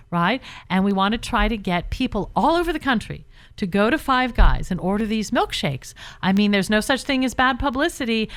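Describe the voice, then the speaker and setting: A woman speaking as a radio guest in a chatty, self-mocking way, with plenty of stumbles and restarts. Her voice sits at an ordinary middle pitch. The studio sound is dry and close. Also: a bit bright, smooth, no echo. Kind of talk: casual radio chat.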